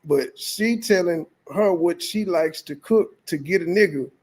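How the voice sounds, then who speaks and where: A man's voice: high voice, unhurried, a little mellow. A man hosting a reaction channel, mocking a clip in blunt, profane commentary. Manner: mocking, blunt, heavy cursing.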